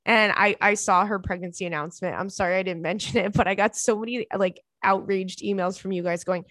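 A woman's voice: mid-range voice, steady tone, fairly quick, few pauses, a bit bright, dry recording, clean studio sound. A young woman hosting a podcast, giving listeners frank, casual advice and swearing freely. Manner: blunt, candid, swears freely. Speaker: podcast host.

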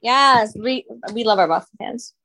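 A woman co-hosting a casual podcast with a slightly high voice. She teases her co-host and reacts quickly and sassily. The sound is dry and close. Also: pushed and bright, no echo. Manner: sassy, teasing, quick reactions.

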